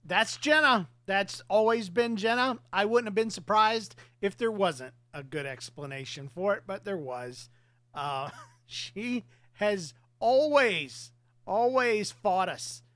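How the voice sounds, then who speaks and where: A man's voice: sits high, lively intonation, takes it slowly, bright, forceful tone, no echo. A man in his forties, a podcast host, talking candidly about family in casual chat, laughing between thoughts.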